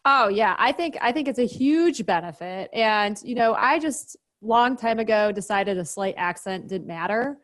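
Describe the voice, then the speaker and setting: A woman guest on a podcast, explaining her business practices in a brisk, practical, step-by-step way. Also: on the high side, expressive, a bit bright. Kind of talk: interview, explaining.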